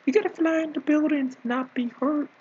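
A man putting on a high, bossy scolding nanny. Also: fairly even intonation, brisk, a little mellow, highs cut off, slight background noise. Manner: rambling, teasing, drops into sudden whispers. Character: bossy, scolding comic nanny character, fussy and self-satisfied. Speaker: video creator. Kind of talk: improvised comedy rant in a put-on voice.

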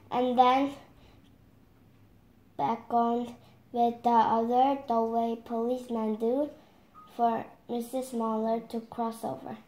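A young girl reading a picture book aloud at home, slowly and carefully, stumbling on words now and then. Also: on the high side, a little mellow, echoey room.

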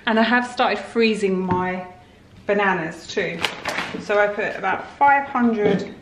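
A vlogger with a medium-pitched voice talks slowly as she chats casually in her home kitchen for a homely, rambling vlog. The kitchen is echoey, and background noise is clearly audible.

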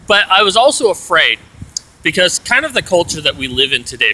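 A man's voice: a little high, bright, forceful tone, low-quality recording. A man telling an aggrieved story in a rambling, casual rant, full of "you know"s. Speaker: vlogger.

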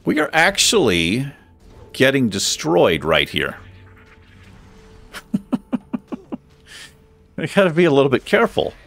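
A man's voice: mid-range voice, wildly swooping pitch, takes it slowly, gravelly, long pauses, a bit bright. A man hosting a let's play, chatting casually and thinking aloud with a self-deprecating streak as he plays. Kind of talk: casual gameplay commentary.

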